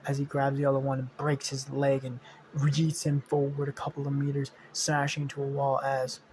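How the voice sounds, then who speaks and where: A man's voice: mid-range voice, completely flat delivery, normal speed, darkish tone. Young guy telling a fan story off the cuff, rambly and swearing, medium voice, slight hiss. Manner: rambling, profane, restarts often. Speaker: channel host narrating. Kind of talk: improvised fan story narration.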